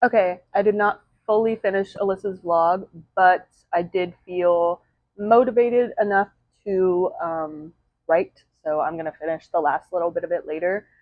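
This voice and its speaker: A woman's voice: on the low side, fairly even intonation, normal speed, dry recording, lo-fi sound. A woman chatting casually to the camera in a home vlog, rambling and filling her speech with "um" and "like". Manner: chatty, rambling, lots of fillers like "um" and "like". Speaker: vlogger and aspiring novelist. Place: at home, indoors.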